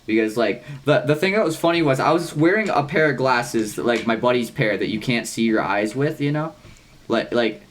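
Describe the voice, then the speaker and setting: A man's voice: mid-range voice, expressive, normal speed, slight background noise. Rambling, cussing young guy telling stories. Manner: rambling storyteller, swears a lot, acts out quotes. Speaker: podcast co-host. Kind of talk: casual chat.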